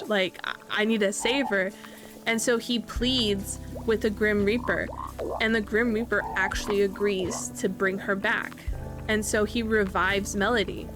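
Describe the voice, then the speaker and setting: A woman host casually narrating a game storyline in a chatty way, with lots of fillers and tag questions. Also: medium pitch. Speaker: channel host.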